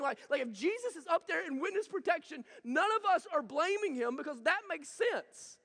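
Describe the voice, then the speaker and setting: A man preaching a sermon as pastor, animated and conversational with joking asides. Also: extremely high pitch, creaky. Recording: long reverb from a hall.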